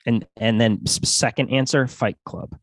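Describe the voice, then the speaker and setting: A man's voice: medium pitch, normal speed, dry recording. A man co-hosting a podcast, talking in a casual, rambling way with many restarts. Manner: rambling, with restarts and self-corrections. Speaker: podcast co-host. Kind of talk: casual chat.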